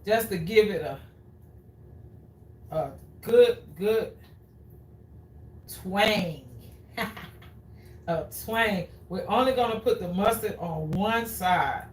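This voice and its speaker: A woman with a mid-range voice hosts a live cooking demonstration from her home kitchen, chatting with viewers and repeating phrases for emphasis. She speaks extremely slowly with long pauses, and slight background noise is audible. The recording sounds roomy, as if she's standing well away from the mic.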